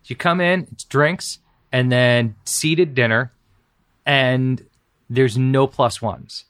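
A man's voice: medium pitch, slow. A male guest in a casual chat, speaking earnestly with many fillers and restarts. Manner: earnest, lots of fillers and restarts, warm praise.

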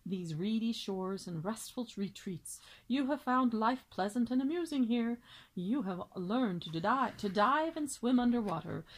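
A woman's voice: a little high, a little mellow, natural voice, low-quality recording. A woman voicing a proud, long-winded father swan who lectures his young in grand storybook style. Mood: lecturing.

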